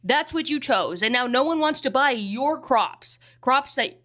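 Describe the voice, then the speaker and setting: A woman's voice: high-pitched, animated, a little slow, pushed and bright. A woman giving sarcastic political commentary in a scornful, mocking manner.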